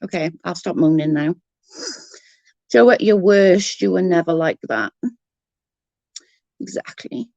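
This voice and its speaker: A woman's voice: fairly low pitch, measured pace, vocal fry, pauses often, dark tone, no echo, lo-fi sound. A woman on a casual livestream, ranting in exasperation, swearing freely and answering chat comments. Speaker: live streamer reading chat comments.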